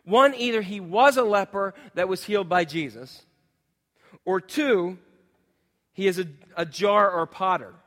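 A high-voiced male pastor preaches a sermon, retelling scripture in casual modern words. He keeps asking his listeners questions. His voice rings out with long reverb in a church hall. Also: unhurried, a bit bright.

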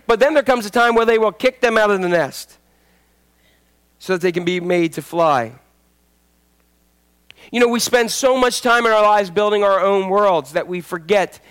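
Man, pastor, folksy sermon, higher-pitched voice, repeats himself for emphasis. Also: fairly bright tone, clean tone. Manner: folksy, tells jokes and stories, repeats phrases for emphasis.

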